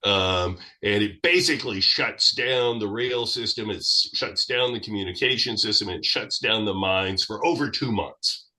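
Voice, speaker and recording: A man speaking as a guest in an interview, explaining history at length in a lively, expansive way. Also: lowish voice, moderate pace, few pauses.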